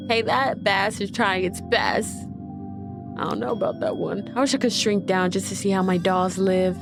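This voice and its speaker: A woman casually commenting while playing a video game, reading game text aloud and swearing freely. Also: mid-range voice. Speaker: gaming youtuber. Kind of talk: casual let's-play commentary.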